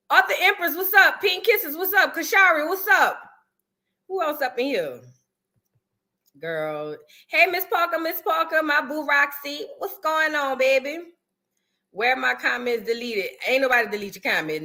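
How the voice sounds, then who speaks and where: High bright-voiced woman chatting on a livestream. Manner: chatty, greets viewers by name, drawling slang. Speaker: livestream host. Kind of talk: casual live-stream chat greeting viewers.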